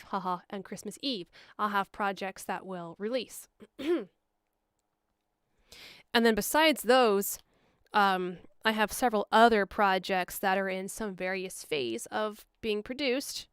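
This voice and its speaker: A woman who produces and directs fan comic dubs, giving a rambling channel update on a livestream, a little hoarse. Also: mid-range voice, no room sound, clean studio sound. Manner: rambling, with frequent ums and asides. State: slightly hoarse.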